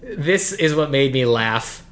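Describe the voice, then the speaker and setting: Co-host, mid-pitched voice, relaxed, narrates plot points in casual recap chat. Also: slow pace. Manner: laid-back, agreeable, narrates the plot. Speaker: podcast co-host.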